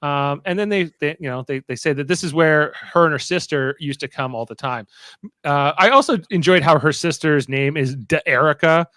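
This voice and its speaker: A man hosting a podcast talks through an episode in loose, casual chat. His voice sits a little high, and he rambles with fillers and false starts. The sound is close and dry. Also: normal speed, pushed and bright, no room sound. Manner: rambling recap with many fillers and restarts. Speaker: podcast host.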